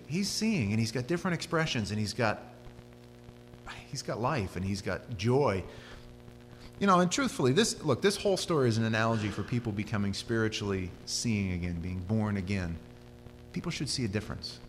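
Male pastor preaching, lively swinging delivery, long church reverb, faint hum. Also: fairly low pitch, moderate pace. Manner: animated storytelling, voice rising and dropping. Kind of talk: sermon.

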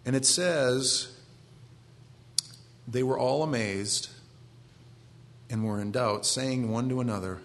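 Male pastor, 40s, Maine accent, easygoing conversational sermon, middle pitch. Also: slow, long pauses, a little hiss or hum. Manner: conversational, self-deprecating asides.

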